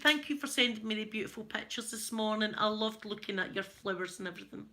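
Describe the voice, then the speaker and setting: A Scottish woman with a Glaswegian accent, chatting casually to her viewers. She tells funny stories, laughs a lot, and her throat is a little hoarse. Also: mid-range voice, quick pace, few pauses, pushed and bright, slight background noise. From Scotland. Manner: chatty storyteller, laughs often, mimics voices. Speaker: ASMR channel host.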